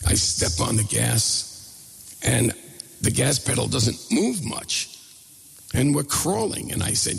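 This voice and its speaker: Gravelly, animated middle-aged male storyteller. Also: medium pitch, a little slow. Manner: animated, self-mocking. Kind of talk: live comic storytelling. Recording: long reverb hall.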